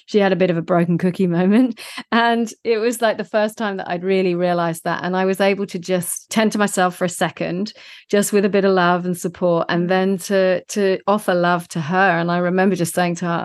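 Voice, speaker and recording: Earnest low-pitched woman podcast host. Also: fairly even intonation, brisk. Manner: warm, earnest, affirming. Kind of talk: casual conversation.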